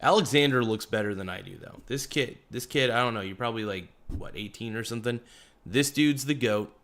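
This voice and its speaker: A man's voice: mid-range voice, fairly quick, a bit bright. A young man hosting a casual livestream, reading out chat comments with joking, teasing banter. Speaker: livestream host.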